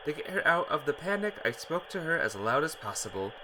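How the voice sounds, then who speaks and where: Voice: medium pitch, sing-song, brisk, few pauses, noisy background. A streamer reading a visual novel aloud, greeting viewers between lines. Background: guitar music.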